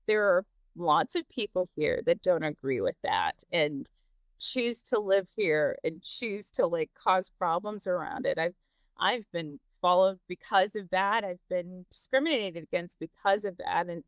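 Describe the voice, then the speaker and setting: A woman's voice: fairly low pitch, animated, a little slow, no echo. A woman from Texas hosting a podcast, talking candidly with frequent laughs and restarts. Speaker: podcast host. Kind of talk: casual interview chat.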